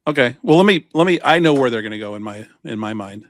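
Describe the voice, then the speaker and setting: A man's voice: mid-range voice, expressive, quick pace, no room sound, studio quality. A man co-hosting a podcast, talking in a loose rambling way full of fillers and tangents. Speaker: podcast co-host. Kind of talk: casual chat.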